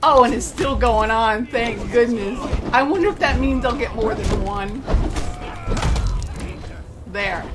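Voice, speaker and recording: A woman's voice: on the high side, slow, long pauses. An older woman streaming a video game, exclaiming and talking to herself as she plays. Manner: exclamatory, gasping, talks to herself. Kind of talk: excited live gameplay commentary. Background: loud game music.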